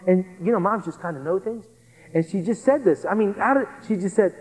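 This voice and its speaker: Guy telling his testimony to a crowd, earnest and animated, high voice, big hall reverb. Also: fast talker. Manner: earnest, animated, repeats phrases for emphasis. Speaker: guest speaker giving a testimony. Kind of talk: testimony sermon storytelling.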